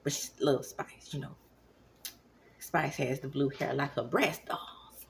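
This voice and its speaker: A woman in her thirties giving casual commentary at home, animated, now and then dropping into whispers. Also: very deep voice, slow pace, vocal fry, heavy background noise. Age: 30s. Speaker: vlogger. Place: home, at night.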